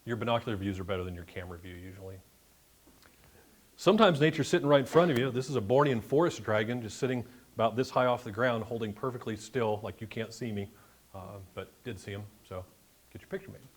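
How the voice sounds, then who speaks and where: A man's voice: mid-range voice, fast. A man giving a chatty, joking slide-show talk about a birding trip to a live club audience. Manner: jokey, chatty asides. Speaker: guest presenter at a bird club meeting. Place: meeting room with an audience.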